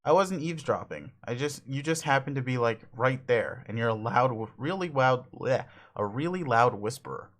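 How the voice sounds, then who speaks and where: Man doing a goofy teen boy, eager, rambling, stammers, mid-pitched voice, comic read-aloud. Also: lively intonation, moderate pace, hardly any pauses, a bit bright, lightly acted. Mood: flustered.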